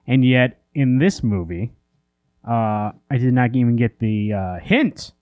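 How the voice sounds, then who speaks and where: In studio-quality sound free of room noise, a man with a lowish, slightly mellow voice co-hosts a comic book podcast. He's ranting in exasperation during loose chat, rambling along with many fillers and restarts.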